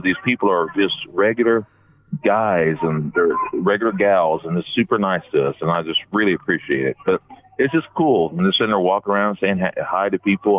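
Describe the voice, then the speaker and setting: A man on a podcast telling rambling stories about a fan event, full of restarts. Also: low-pitched. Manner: rambling anecdotes with many restarts. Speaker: podcast regular recounting a fan convention trip. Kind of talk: casual phone-in storytelling. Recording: dry, tinny phone line.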